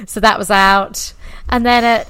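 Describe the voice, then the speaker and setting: A woman in her thirties, a podcast guest candidly telling her birth stories in a chatty, expressive way. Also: a little high, takes it slowly, clear, resonant tone, no room sound. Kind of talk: casual birth story telling.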